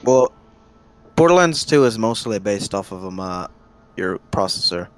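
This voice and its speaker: A man streaming a game, chatting casually and giving relaxed hardware advice, swearing now and then. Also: lowish voice, moderate pace, dry recording.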